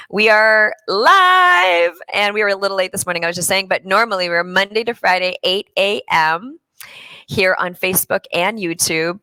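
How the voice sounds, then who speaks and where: A middle-aged woman talks openly and with feeling on a live stream from home, fillers scattered through her speech. Her voice sits a little low, and the sound is dry and close. She moves into gently guiding the listener through their breathing. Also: clear, resonant tone, no room sound. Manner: open and emotional, with many fillers. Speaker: show host and wellness coach. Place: home, in California.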